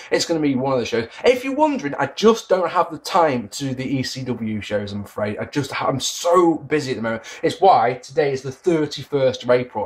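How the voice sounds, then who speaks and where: A man giving a casual spoken review, sarcastic and exasperated, swearing freely. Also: mid-range voice. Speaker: wrestling reviewer.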